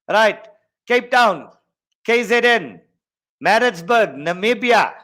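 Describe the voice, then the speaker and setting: An excitable South African man with a South African English accent runs an online maths workshop. His voice sits a little high, and he keeps breaking off the working into jokes and rambling asides. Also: slow, long pauses. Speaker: maths teacher.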